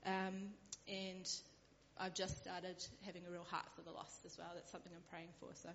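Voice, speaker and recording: A woman's voice: lowish voice, flat delivery, normal speed, creaky, a bit bright, long reverb tail, lo-fi sound, a little hiss or hum. A woman sharing her personal faith story in a church, candid and hesitant with frequent ums. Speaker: church member sharing testimony. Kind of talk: personal testimony.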